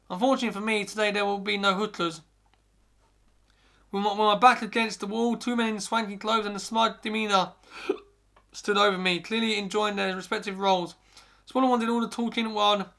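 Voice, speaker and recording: Podcast host reading horror, stumbles often, bright tense voice, high pitch. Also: male voice. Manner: first-person narration with frequent stumbles and restarts. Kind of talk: reading a scary story aloud.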